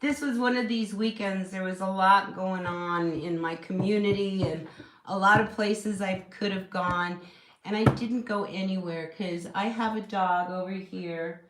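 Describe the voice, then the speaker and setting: A woman's voice: mid-range voice, unhurried. A woman hosting a casual live tarot reading at home, chatty and encouraging, with lots of "you know" fillers. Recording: echoey room with steady noise.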